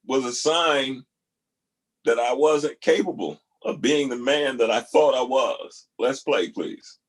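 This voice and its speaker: A man hosting a talk, pausing video clips to reflect earnestly, repeating key phrases for emphasis. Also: mid-range voice. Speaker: host reacting to video clips. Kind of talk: reflective spoken commentary.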